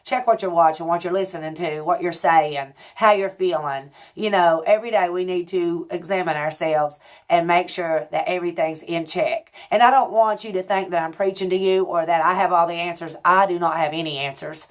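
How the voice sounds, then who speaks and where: A woman's voice: fairly low pitch, moderate pace. Rambling confessional woman in her forties. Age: 40s. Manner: rambling, confessional, self-correcting. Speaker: vlogger. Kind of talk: casual chat.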